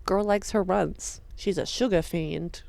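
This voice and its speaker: A woman chatting casually about her own drawings, excitable and crude, with sudden loud bursts. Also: on the low side, a little slow, vocal fry. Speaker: video creator.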